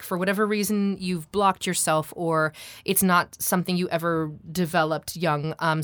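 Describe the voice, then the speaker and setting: Playful woman voice coach, lowish and dry. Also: smooth, dry recording. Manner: animated, playful, laughs often. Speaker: voiceover artist and voice coach guest. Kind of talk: casual podcast interview.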